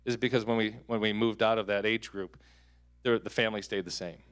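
A man in his thirties preaching a sermon as a pastor. He tells stories with jokes and breaks into sudden loud peaks. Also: lowish voice, a little fast, smooth. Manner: animated, joking storyteller with sudden loud peaks. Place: church hall.

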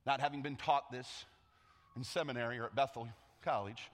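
A man's voice: medium pitch, steady tone, a little fast. A man, a pastor, preaching a sermon, telling a story dramatically and calling out for the congregation's response. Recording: echoey hall.

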